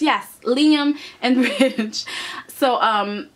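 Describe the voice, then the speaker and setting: A woman reviewing soap opera episodes in casual, animated chat, often tossing in "okay?" and mocking the characters. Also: a little high, normal speed. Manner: animated, chatty, keeps adding "okay?"; acts out characters in mocking asides.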